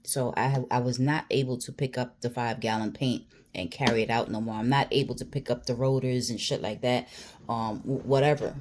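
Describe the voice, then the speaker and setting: Low-voiced blunt New woman. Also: fairly even intonation, brisk, a little mellow, a little hiss or hum. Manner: blunt, heavily profane, emphatic. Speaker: vlogger telling a personal story. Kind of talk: storytime monologue.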